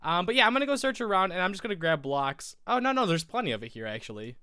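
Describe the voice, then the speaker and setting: A young American man with a cold narrates Minecraft gameplay for YouTube, stuffy, sniffling, rambling and self-correcting. His high-pitched voice is very animated and fast, pushed and bright yet smooth, with no echo.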